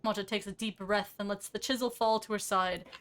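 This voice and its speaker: A woman's voice: medium pitch, fairly even intonation, brisk, a bit bright. A woman game streamer reading game text aloud, casual and swearing now and then. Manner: casual, swears, laughs at herself.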